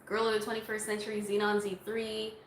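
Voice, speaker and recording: A woman's voice: mid-range voice, monotone, brisk, roomy sound, slight background noise, low-quality recording. A woman vlogger answering viewer questions in a casual, chatty way, laughing often. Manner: chatty, laughs often, breaks into song snippets. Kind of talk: casual Q&A chat.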